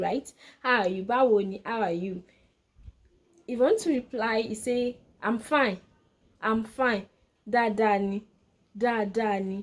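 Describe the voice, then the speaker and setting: Female tutor, bright higher register, easy casual delivery, drills each phrase by repetition. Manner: repeats each phrase slowly several times. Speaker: language tutor. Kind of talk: casual teaching to camera.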